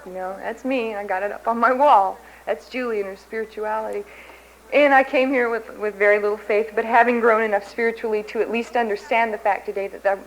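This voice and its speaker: Speaking from a podium in a big convention hall, this Kansas woman delivers the main recovery testimony, candid and self-deprecating, frequently laughing at her own expense. Her voice is mid-range, and the recording has a little hiss or hum.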